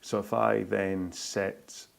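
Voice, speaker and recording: A man's voice: fairly low pitch, level tone, slow pace, vocal fry. A man hosting a live rowing workout stream, talking in a chatty, rambling way with lots of fillers and restarts.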